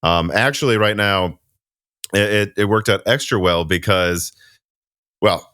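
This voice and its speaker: Low-voiced chatty podcast host man. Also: measured pace, bright, forceful tone, clean tone, no echo, clean studio sound. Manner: chatty, sarcastic, rambling with restarts. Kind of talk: casual tech podcast chat.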